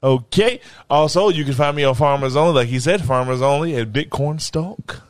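Boastful joking podcast co-host. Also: male voice, on the high side, dry recording. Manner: boastful comic riffing, quick bursts. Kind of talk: joking casual podcast chat.

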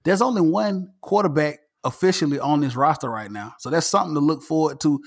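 A man's voice: on the high side, a little fast, creaky, husky. Ranting podcast host, man. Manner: animated, repeats himself, ranting. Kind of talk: casual sports chat.

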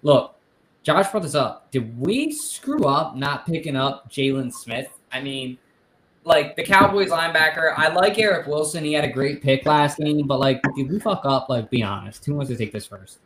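A man's voice: on the high side, lively intonation, normal speed, a bit bright, roomy sound, slight background noise. A man hosting a casual sports podcast, steering topics and passing questions to his co-hosts. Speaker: podcast host.

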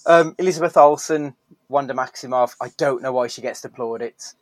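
A man's voice: mid-range voice, moderate pace, no echo, rough recording. Male host, outspoken and profane, dead-dry recording. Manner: blunt, profane, opinionated. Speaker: podcast host. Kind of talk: casual chat.

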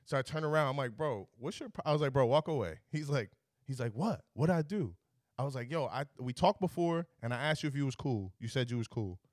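A man's voice: medium pitch, lively intonation, brisk, no room sound, studio quality. A young man hosting a podcast, telling a story in casual chat and acting out both sides of the exchange. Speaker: podcast host.

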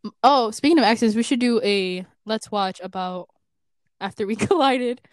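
A young woman co-hosting a podcast in casual chat, excitable and laughing often. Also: fairly high pitch, normal speed, no echo. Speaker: podcast co-host.

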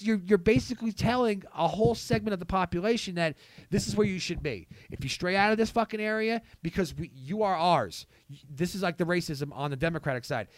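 A man in a casual podcast chat, rambling and heated with heavy swearing, saying he is high. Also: no echo.

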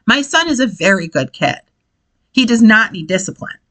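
A woman's voice: medium pitch, very animated, moderate pace, fairly bright tone, poor audio. A woman hosting a casual podcast, a mother talking in an exasperated, chatty way and swearing now and then. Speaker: podcast host, parent. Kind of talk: casual monologue. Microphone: desk mic, hits it while gesturing.

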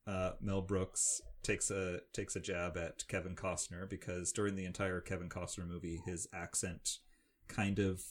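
A man's voice: sits low, flat delivery, moderate pace, darkish tone. A man co-hosting a podcast, recapping a film in casual, rambling chat full of fillers and restarts. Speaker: podcast co-host.

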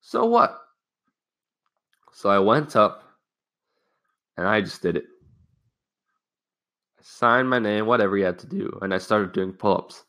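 A young man hosting a casual self-help podcast speaks in a voice on the low side with a fairly bright tone. He talks at normal speed but pauses often. His personal story comes out candid, loose, and rambling, with restarts and some swearing.

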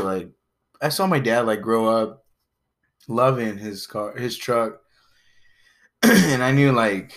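A man's voice: lowish voice, a bit bright. A laid-back man chatting casually, often calling his friend "man" and "dude". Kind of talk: casual chat.

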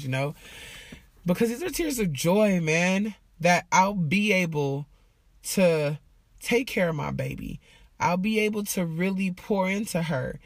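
A woman's voice: fairly low pitch, animated, a little slow, no room sound. Emotional woman vlogging, dry close sound. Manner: emotional, heartfelt, profane and casual. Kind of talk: candid personal vlog talk.

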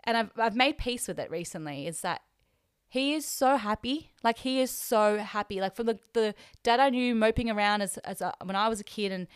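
A young Australian woman hosts a podcast from a hotel room, telling a personal story in a chatty, emotional way and acting out herself and others in lively voices. Her medium-pitched voice is clear and resonant, a little fast with hardly any pauses, in echo-free studio-quality sound.

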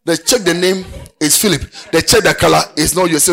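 A man preaching a sermon, dropping to quiet talk and then rising to shouted, sing-song preaching. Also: on the high side, a little fast, vocal fry, hardly any pauses, noisy background.

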